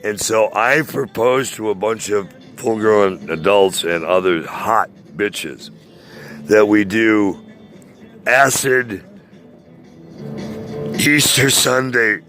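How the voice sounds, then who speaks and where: A man's voice: lowish voice, slow, pauses often, fairly bright tone, soft background music. A man in his sixties ranting casually to a friend, profane and boastful, rambling with many hesitations. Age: 60s.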